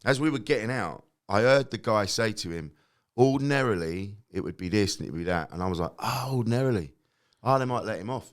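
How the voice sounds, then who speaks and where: A middle-aged comedian tells his anecdotes in a fairly low voice. He acts out the other people's lines as he goes and swears freely. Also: fast, few pauses. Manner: lively storyteller who acts out quotes, swears freely. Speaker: guest comedian. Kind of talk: casual anecdote telling.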